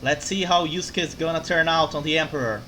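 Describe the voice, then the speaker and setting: A let's play streamer casually commenting on a game in a playful, animated way. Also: mid-range voice, a little fast, slight background noise.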